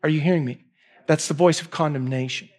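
Male pastor, high voice, emphatic sermon delivery with repeated points. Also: steady tone, fairly quick. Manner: emphatic, repeats key lines, swings from raised to hushed.

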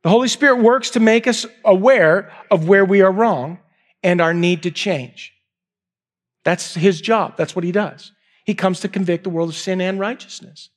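Male pastor, high voice, emphatic sermon delivery with repeated points. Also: normal speed. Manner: emphatic, repeats key lines, swings from raised to hushed.

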